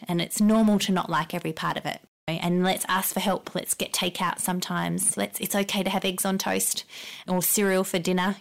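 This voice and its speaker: Heartfelt woman, lower voice. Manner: warm, reassuring, heartfelt. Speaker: podcast guest. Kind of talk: earnest conversational interview.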